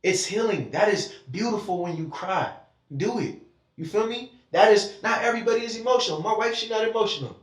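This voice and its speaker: A man's voice: sits high, expressive, brisk. A man in a casual conversation who talks emotionally and animatedly, swearing freely and speaking in bursts. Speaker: podcast conversation participant. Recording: echoey room, mic at a distance.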